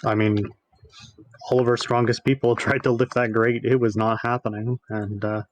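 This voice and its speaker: A man's voice: medium pitch, level tone, normal speed, no echo, rough recording. A man playing a tabletop game, talking in a plain, matter-of-fact way. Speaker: player. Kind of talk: casual tabletop play.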